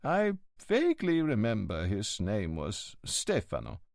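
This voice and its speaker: A man voicing a stern, pompous elderly headmaster who talks in a slow, lofty, disapproving way. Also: lowish voice, wildly swooping pitch, creaky, a little mellow, dry recording, studio quality, heavily acted.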